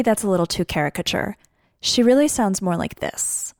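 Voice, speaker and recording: A woman's voice: fairly low pitch, moderate pace, darkish tone, dry recording. Wry woman narrating in a dry close voice. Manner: wry, confiding. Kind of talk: scripted narration.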